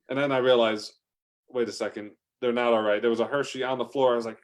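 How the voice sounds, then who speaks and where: A man's voice: medium pitch, fairly quick. Rambling, profane male comic storyteller. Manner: rambling and profane, with sudden exaggerated outbursts. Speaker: comedic storyteller.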